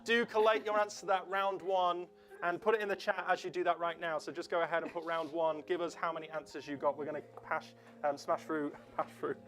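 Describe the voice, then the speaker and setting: A man's voice: fairly high pitch, little pitch movement, brisk, a bit bright. Guy running a quiz on a stream, chatty, lots of ums, faint music behind. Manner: chatty, reads out quiz answers with filler ums. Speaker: fundraiser stream host. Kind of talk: casual quiz hosting on a livestream.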